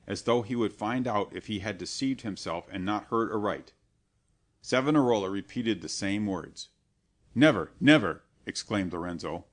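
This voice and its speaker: A man narrating a classic crime story as an audiobook in a steady, even reading. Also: lowish voice. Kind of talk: scripted narration.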